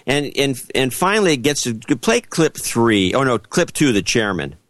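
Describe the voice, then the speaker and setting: A man co-hosting a podcast, retelling a hearing in a mocking, animated way. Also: mid-range voice, moderate pace, slight background noise. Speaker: podcast co-host. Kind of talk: casual commentary chat.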